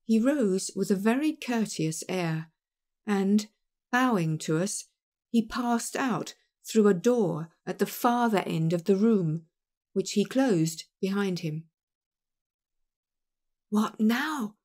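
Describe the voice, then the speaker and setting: A woman narrating an audiobook of a classic detective story in a measured, expressive reading. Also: mid-range voice.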